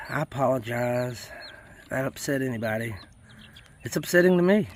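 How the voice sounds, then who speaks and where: A man's voice: mid-range voice, expressive, measured pace, background noise. A man hosting a homesteading channel, chatting casually and folksily outdoors on a farm near his chickens. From South Carolina. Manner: folksy and chatty, says y'all a lot. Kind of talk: casual rambling chat.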